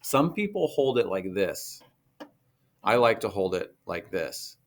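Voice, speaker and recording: A man's voice: lowish voice, big pitch swings, measured pace, a little hiss or hum. A man teaching a guitar lesson, patiently explaining finger positions step by step. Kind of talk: recorded music lesson.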